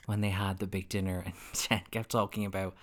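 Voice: sits low, little pitch movement, brisk. A young adult podcast host chatting expressively, swearing freely and mimicking people in big swooping voices. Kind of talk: casual chat.

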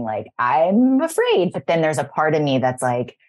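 A woman's voice: low-pitched, huge pitch swings, normal speed, hardly any pauses, darkish tone. A woman in her thirties hosting a podcast, talking in an effusive, rambling and emotional way about spiritual growth. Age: 30s. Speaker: podcast host. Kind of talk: casual spiritual chat.

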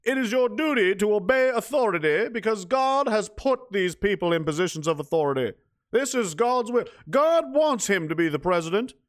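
A man voicing a stern male radio preacher who speaks slowly and emphatically, in a higher voice than his own. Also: animated. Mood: preaching.

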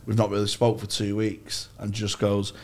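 A man's voice: lowish voice, completely flat delivery, normal speed. A man, telling rambling, sweary anecdotes on a podcast. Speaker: podcast co-host. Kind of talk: casual storytelling chat.

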